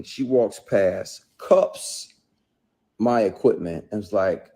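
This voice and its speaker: A man telling a personal story, emphatic, swinging between quiet intensity and loud outbursts. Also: on the low side, animated, unhurried. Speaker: actor telling his story. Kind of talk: heated personal account, clip.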